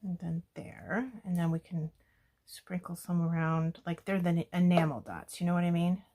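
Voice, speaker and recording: A woman hosting a scrapbooking video, chatting and thinking aloud as she works, often dropping to a soft murmur. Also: on the low side, little pitch movement, normal speed. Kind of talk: casual crafting talk-through.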